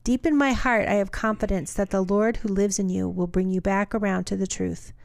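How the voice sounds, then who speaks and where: A woman co-hosting a podcast, chatting casually and reading scripture aloud at a steady pace. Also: mid-range voice, fairly quick, vocal fry, no room sound, studio quality. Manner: reads aloud steadily, laughs easily. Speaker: podcast co-host.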